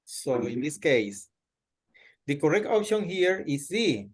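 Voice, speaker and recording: A man teaches English over a video call, speaking slowly and patiently. His voice sits a little high, and he often stops to feed his student the right word. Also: big pitch swings, breathy edge. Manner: slow, patient, corrects and prompts the student word by word. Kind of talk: online English lesson.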